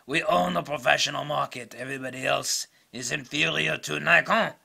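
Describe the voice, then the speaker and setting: A man's voice: a little high, normal speed, vocal fry, bright, forceful tone, full character voice. A man putting on the voice of a pompous, self-satisfied camera company bragging about itself. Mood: smug. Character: smug boastful camera company, male.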